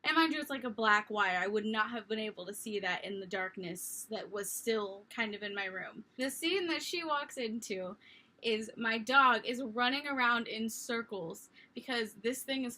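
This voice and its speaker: A young woman vlogger telling a story in a casual, animated, self-mocking way. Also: on the high side.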